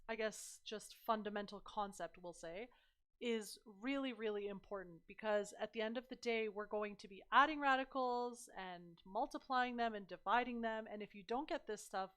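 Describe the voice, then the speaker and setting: A young woman tutoring math on a livestream, chatty and encouraging, her voice slightly hoarse. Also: a little high, a bit bright. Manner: chatty, encouraging, addresses viewers as "you guys".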